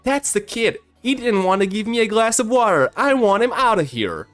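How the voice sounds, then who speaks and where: A young man putting on the voice of an entitled, angry middle-aged woman customer, shrill and demanding. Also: very animated, normal speed, fairly bright tone, faint music behind. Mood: indignant.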